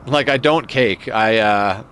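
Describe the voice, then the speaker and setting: A man's voice: on the low side, takes it slowly, fairly bright tone, a little hiss or hum. A man streaming a game live who rambles in casual, profane commentary, chuckling often as he talks into a desk microphone.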